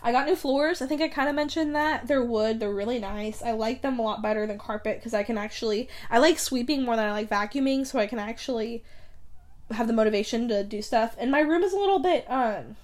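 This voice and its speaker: Young female podcast host, casual solo chat, rambling and filler-heavy, slightly high voice. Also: a little fast. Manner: rambling, filler-heavy, giggly, self-correcting. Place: her bedroom, at home.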